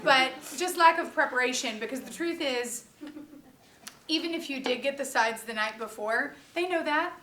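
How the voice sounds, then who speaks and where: A woman gives direct, earnest audition advice on a workshop panel. Her voice is bright and a touch high. She sounds distant from the mic in an echoey room. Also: moderate pace. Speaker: actor and casting panelist. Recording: roomy, distant mic, faint noise.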